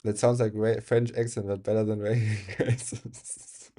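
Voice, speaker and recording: A man's voice: on the low side, level tone, unhurried, warm tone. A young man with a German accent, a non-native speaker, chatting casually on a live game stream, reading chat aloud and laughing often.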